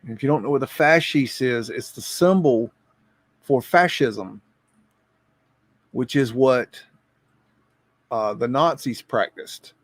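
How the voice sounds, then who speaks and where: A man hosts a casual live stream, thinking aloud and reacting to what he sees. He rambles, chuckles and repeats himself as he goes. His voice sits at an average pitch, recorded close and dry. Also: slow, pauses often, no echo. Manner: repeats words while reacting to images.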